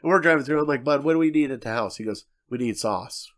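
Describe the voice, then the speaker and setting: A man hosting a casual sports podcast, telling animated stories and laughing often as he acts out quotes. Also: on the high side, very fast. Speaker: podcast host.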